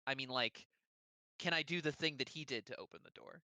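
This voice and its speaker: A player in a tabletop game on a voice call, talking in an animated, hesitant way that often breaks off and restarts. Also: mid-range voice, a little fast. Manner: animated, hesitant, self-interrupting.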